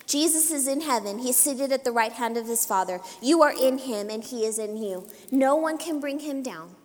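A woman with a high, girlish voice preaching a sermon, urging her church with emphatic repetition and calls of amen. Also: fairly bright tone, big-room sound. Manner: emphatic, repetitive exhortation with call-and-response amens. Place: church sanctuary.

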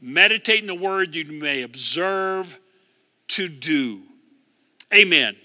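A man's voice: on the high side, lively intonation, slow, sharp tone. An older man, a pastor preaching a sermon and calling for amens from the congregation. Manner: call-and-response preaching, asks for amens. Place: church hall. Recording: echoey hall.

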